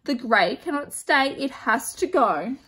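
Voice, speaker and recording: A woman's voice: high voice, lively intonation, a little slow, pushed and bright, full character voice. A woman voicing a bossy, glamorous female bird stylist who gushes and calls everyone darling. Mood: gushing.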